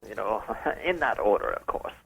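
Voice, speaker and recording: A man's voice: on the low side, sing-song, moderate pace, vocal fry, a crowd in the background, low-quality recording. A man playing a pompous caller posing as a rock singer, speaking in a mock-formal, smug, suggestive way on a radio show. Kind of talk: comedic prank call on radio.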